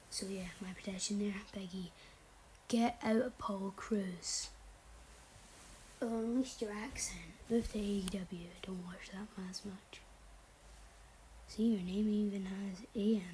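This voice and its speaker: A woman's voice: medium pitch, mellow, a little hiss or hum, rough recording. A young woman casually rambling through wrestling predictions, often sliding into a whisper, blunt and offhand. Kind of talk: casual chat.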